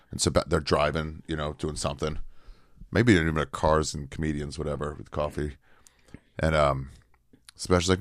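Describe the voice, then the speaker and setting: A man's voice: extremely low pitch, steady tone, moderate pace, no room sound, clean studio sound. A male comedian in casual conversation, cutting in with wry remarks and telling stories. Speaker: stand-up comedian. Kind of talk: casual podcast chat.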